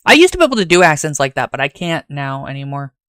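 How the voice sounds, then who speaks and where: A man's voice: a little high, very animated, quick pace, pushed and bright, clean tone, no room sound, studio quality. A man with a Southern US accent, rambling casually and talking straight to his chat as a streamer.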